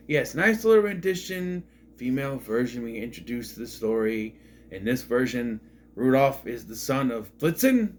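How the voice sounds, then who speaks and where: A man's voice: mid-range voice, moderate pace, slight background noise. A man giving a rambling, blunt and sarcastic casual movie review.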